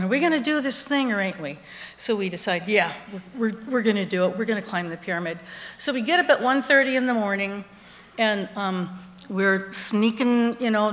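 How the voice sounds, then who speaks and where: A woman tells a personal story from a theater stage, her voice sitting at an ordinary middle pitch. She speaks in a wry, conversational way and chuckles at her own tale. The hall adds a long, lingering reverb to every word. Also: a bit bright. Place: theater stage before a live audience.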